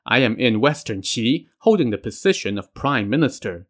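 A man's voice: medium pitch, animated, moderate pace, a bit bright. A man voicing an earnest, dutiful older male sage serving as prime minister, firm when refusing.

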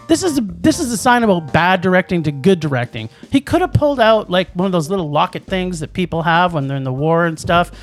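Lively-pitched ranting podcast co-host. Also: soft background music. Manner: animated, ranting, quick restarts. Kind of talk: casual movie review chat.

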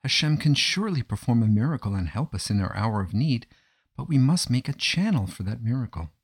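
A man's voice: mid-range voice, lively intonation, a little fast, husky. A man voicing a poor, devoted wife in his own voice, speaking in an urgent, coaxing way in a storybook telling. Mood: urgent plea. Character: poor devoted wife, worried but determined.

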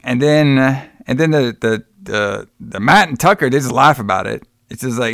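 A man's voice: medium pitch, animated, normal speed, gravelly, hardly any pauses, a bit bright, dry recording, studio quality. A man co-hosting a podcast, retelling a movie in a rambling, casual way with plenty of swearing. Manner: rambling, swearing, acts out quotes with laughs. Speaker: podcast co-host. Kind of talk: casual movie review chat.

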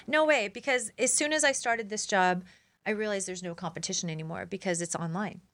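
Brief: woman guest, ex-crime reporter, lively storyteller, dry close mic. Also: a little fast, no echo. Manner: animated, acts out quotes with big pitch jumps. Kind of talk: casual storytelling interview.

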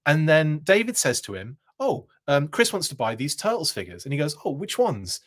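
Animated man telling a rambling story. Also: on the high side, normal speed. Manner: rambling, animated, laughing often, many restarts. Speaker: host. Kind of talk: casual storytelling on a live show.

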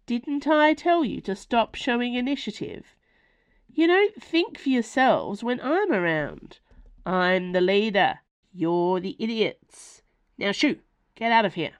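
Woman doing a grumpy mother, bossy, loud, scolding, slow storybook reading. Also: fairly high pitch, big pitch swings, smooth, muffled recording, pitched above the performer's own voice.

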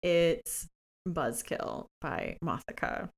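A woman with a low, gravelly voice hosts a podcast from her home work space. She talks into a professional mic in a relaxed, chatty way, eager to recommend books. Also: extremely slow. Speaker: podcast host. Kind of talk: casual podcast chat. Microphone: professional studio microphone.

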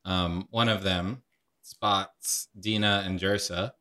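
A man narrating a tabletop game as game master, calm and measured with frequent fillers. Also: deep voice.

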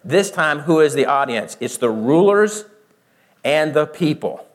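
A man giving a verse-by-verse Bible teaching, who explains slowly, asks his listeners questions and acts out both sides of the argument. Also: a little high, expressive.

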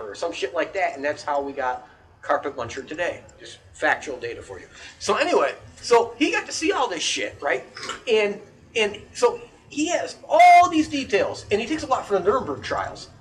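A man's voice: high-pitched, fairly bright tone. A man hosting a casual podcast chat, ranting animatedly and swearing a lot.

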